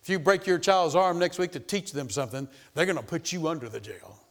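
A man preaching a sermon, emphatic and repetitive, rising into loud insistent bursts. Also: a little high, fairly quick, creaky.

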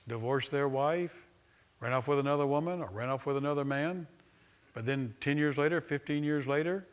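In a church sanctuary with a live congregation, a male pastor preaches at a medium pitch. He alternates between reading passages aloud from a book and talking informally to the people, asking them questions and having them repeat a line back.

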